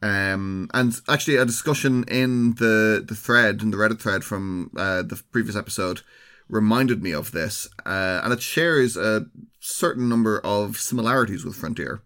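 A man's voice: lowish voice, normal speed, a bit bright. A man co-hosting a casual podcast, telling a meandering story with a wry sense of humor. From Ireland. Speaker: podcast co-host.

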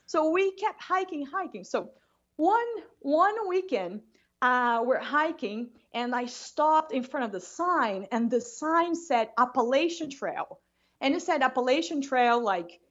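Animated woman telling a story. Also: sits high, dull audio. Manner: animated, with many restarts and repeats. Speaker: interview guest. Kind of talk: casual storytelling.

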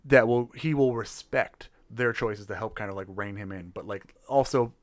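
A man's voice: lowish voice, moderate pace, dry recording. A man chatting casually about a role-play session, rambling with many restarts and fillers. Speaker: tabletop role-play player.

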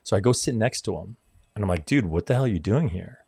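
A man in his forties telling a personal story in casual talk, animated and swearing as he acts out what people said. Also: fairly low pitch, quick pace, vocal fry, breathy edge, no echo, clean studio sound. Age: 40s. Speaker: podcast guest.

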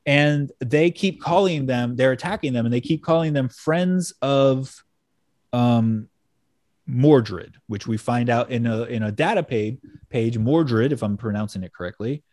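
A man in a relaxed, chatty recap, loose and profane, laughing now and then. His voice sits at an ordinary middle pitch. The sound is dry and close, with no room echo. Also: unhurried. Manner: loose, profane retelling with frequent laughs and fillers. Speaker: podcast host recapping a comic issue. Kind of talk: casual chat.

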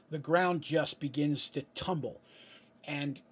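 A man runs a tabletop game as game master, narrating the action in a husky, slightly raised voice. He breaks off into casual explanations and keeps checking in with a quick "right?". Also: on the high side, lively intonation, a bit bright. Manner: explanatory asides, frequent "right?".

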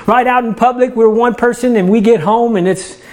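A man's voice: extremely high pitch, moderate pace, darkish tone. Guy doing a laid-back sermon from his house, chatty, keeps restarting his words, pokes fun at himself. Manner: conversational, restarts words, self-deprecating humor. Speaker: church ministry director. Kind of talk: casual home-recorded sermon. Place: his own home, indoors.

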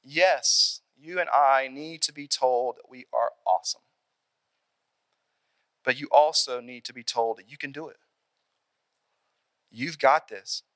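A young adult man preaching a sermon in an animated, conversational way, acting out little scenes along the way. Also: mid-range voice, no echo. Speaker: pastor.

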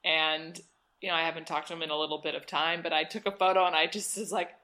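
A woman co-hosting a podcast, talking in a thoughtful, halting way with many restarts. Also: sits low, flat delivery, bright, forceful tone. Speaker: podcast co-host. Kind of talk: casual chat.

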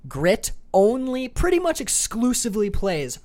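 Animated, profane man telling stories. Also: very high voice, unhurried. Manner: profane, animated, laughing storyteller. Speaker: podcast co-host. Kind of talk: casual storytelling chat.

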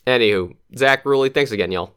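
A man's voice: medium pitch, a little fast, a bit bright, smooth. A middle-aged man hosting a casual podcast chat, blunt and swearing freely. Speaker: podcast host.

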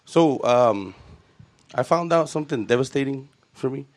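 A man's voice: medium pitch, animated, normal speed, no room sound. A man, doing a profane stand-up set full of street slang. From Los Angeles. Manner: profane, storytelling, Chicano slang. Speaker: stand-up comedian.

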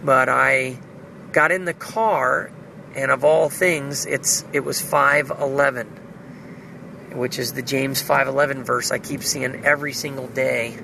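A man's voice: mid-range voice, steady tone, measured pace, vocal fry, noisy background. A man recording an earnest, reflective spiritual video diary, speaking prayerfully about his faith. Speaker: video diarist. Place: car.

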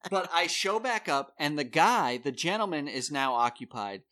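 Bright-voiced man telling a story. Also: a little high, moderate pace. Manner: animated storyteller, acts out quoted people. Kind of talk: casual storytelling chat.

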